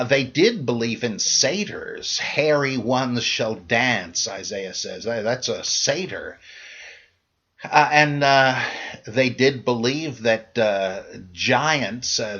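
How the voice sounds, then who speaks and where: A man's voice: medium pitch, lively intonation, slow, fairly bright tone, slightly rough, muffled recording. A middle-aged man hosting a podcast, answering listener questions in a casual, digressive monologue full of fillers and restarts.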